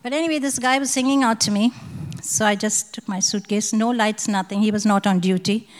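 A woman shares a personal testimony, telling her story vividly and voicing each exchange. Her voice sits at a middling pitch and carries a long reverb from a large hall. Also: steady tone, a little fast. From India. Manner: vivid storytelling, acting out the dialogue. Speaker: testimony speaker at a prayer conference.

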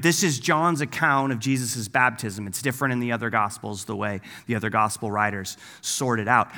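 Casual preacher in a reverberant hall. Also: male voice, fairly high pitch. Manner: casual, animated, acts out voices with asides and "right?". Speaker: pastor. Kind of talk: conversational sermon.

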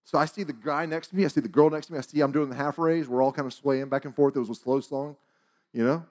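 A man in his forties tells a church testimony in a casual, animated way and acts out the dialogue. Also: mid-range voice, fast talker. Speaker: church speaker. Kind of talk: testimony storytelling.

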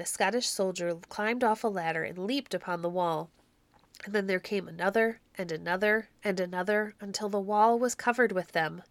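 A woman reads a storybook aloud in a measured, clear voice at a middle pitch. The recording is close and dry, with no room sound. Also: no room sound. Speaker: audiobook narrator. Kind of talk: storybook narration.

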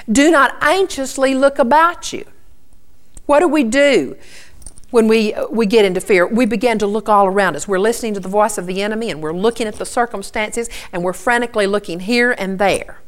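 A woman's voice: fairly high pitch, moderate pace. A middle-aged woman preaching a sermon, earnestly teaching and quoting scripture to her listeners. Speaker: Bible teacher.

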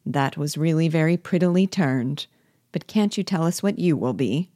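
A woman reading the part of Torvald Helmer, a genteel and condescending husband in a classic stage play, in a brisk, fussy manner. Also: sits low, mellow, no echo, clean studio sound, lightly acted. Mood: jovial.

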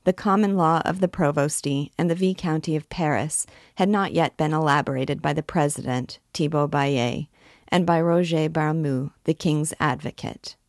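A woman reading a classic novel aloud, narrating in a measured, steady way. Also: low voice, dry recording, clean studio sound. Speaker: book reader, guide.

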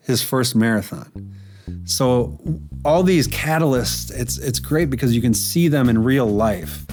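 A man, a firefighter author, telling stories in an interview with lively acted quotes and laughs. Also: medium pitch, a little slow, faint music behind. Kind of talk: storytelling interview.

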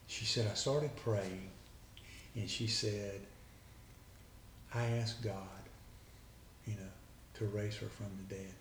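A man's voice: on the low side, fairly even intonation, slow pace, long pauses, fairly bright tone, distant mic, slight background noise. A man, a guest earnestly retelling a conversation line by line. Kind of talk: personal storytelling. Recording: echoey room with faint background ambience.

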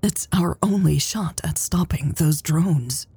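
A guarded, tense woman speaks in a low, husky hush, weary and clipped, voiced by a woman reading an audiobook. The voice is dark and gravelly, drawn out slowly. The sound is close and dry. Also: dry recording, exaggerated voice.

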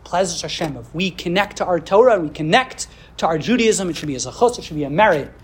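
A woman's voice: lowish voice, animated, fast talker, slight background noise. A woman teaching a Jewish history class for a podcast. She speaks earnestly, builds her points with rhetorical questions, and mixes in Hebrew religious terms.

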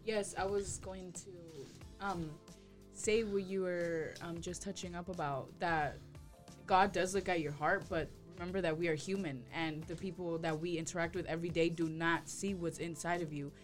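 A woman in a casual church group discussion who speaks thoughtfully, pausing with fillers. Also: lowish voice, fairly even intonation, soft background music.

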